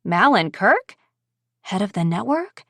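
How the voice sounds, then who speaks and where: A woman's voice: mid-range voice, sing-song, measured pace, fairly bright tone, dry recording, studio quality, exaggerated voice. A woman voicing a determined young heroine keeping a strained polite tone on a call, in an audiobook. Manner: forced politeness.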